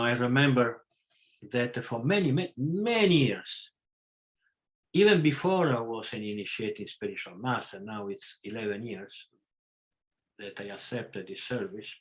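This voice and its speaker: A man with a non-native English accent gives a spiritual class over a video call, in a voice of ordinary mid pitch. He speaks haltingly, with fillers and self-corrections, then turns frank and emphatic and suddenly stresses words loudly. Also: expressive, rough recording. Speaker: spiritual teacher. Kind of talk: live class lecture.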